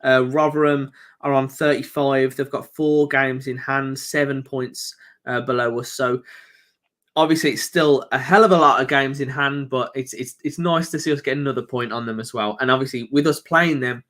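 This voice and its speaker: A man's voice: medium pitch, steady tone, moderate pace, a bit bright. A man co-hosting a football fan live stream, reading out comments and fixtures in an easygoing way. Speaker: co-host reading donations and comments. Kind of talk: casual live stream reaction chat.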